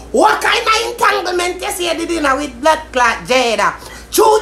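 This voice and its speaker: A woman with a Jamaican Patois accent delivers a heated, cursing rant, taunting and mocking as she goes. Her voice sits high and carries loud. The room around her rings with echo, and faint noise stays underneath. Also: gravelly. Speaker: social media commentator. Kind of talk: heated social media rant.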